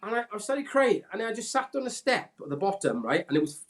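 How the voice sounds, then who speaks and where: A Welsh man in his forties, a former footballer, telling animated anecdotes in casual chat and mimicking people in a raised voice. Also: quick pace. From Wales. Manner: animated anecdotes, acts out quotes in a high voice. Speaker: former footballer, podcast guest. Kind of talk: casual storytelling.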